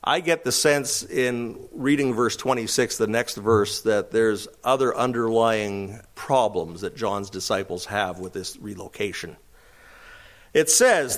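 A man's voice: fairly low pitch, unhurried. A man preaching a verse-by-verse Bible teaching sermon, asking rhetorical questions and acting out quoted speakers. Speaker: pastor.

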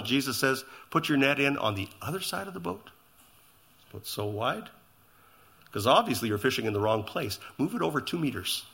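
A man's voice: a little high, sharp tone. A middle-aged man preaching a sermon in a conversational style, with asides to his congregation. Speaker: pastor.

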